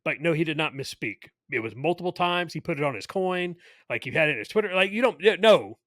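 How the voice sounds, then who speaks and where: A man's voice: fairly high pitch, expressive, fast talker, fairly bright tone, no room sound. A man co-hosting a casual podcast, talking in an emphatic, indignant way. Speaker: podcast co-host. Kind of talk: casual chat.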